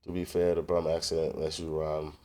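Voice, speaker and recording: A man's voice: a bass voice, monotone, normal speed, warm tone. A man, a rapper hosting a late-night livestream, chatting loosely and answering his viewers' messages with casual swearing. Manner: loose, profane, reads and answers chat aloud.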